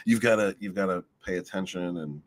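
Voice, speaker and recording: A man streams in a low-pitched, fairly quick voice, chatting casually in a rambling, profane way and laughing often. It's casual late-night stream chat, with slight background noise.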